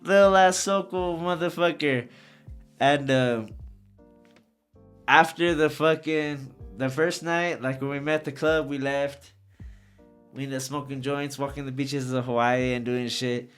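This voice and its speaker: A man's voice: medium pitch, measured pace, clear, resonant tone, faint music behind. A man guest on a podcast telling casual, slangy, profane stories about his travels. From Socorro area. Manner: profane, slangy, animated anecdotes. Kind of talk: casual storytelling.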